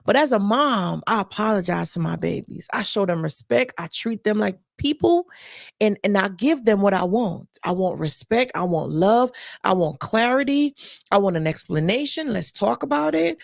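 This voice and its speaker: Jamaican mom on a live stream, earnest and emotional, keeps saying y'all, dry sound. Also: female voice, mid-range voice, expressive, normal speed, vocal fry, dry recording. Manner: earnest and emotional, repeats herself, often says "y'all". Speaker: mother. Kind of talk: heartfelt live-stream talk.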